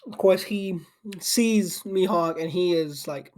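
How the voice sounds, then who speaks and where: This chatty young anime channel host has a higher-pitched, darkish voice and takes his time. Yawning and sleepy at his home desk on camera, he gives a loose, rambling retelling full of "like" and restarts.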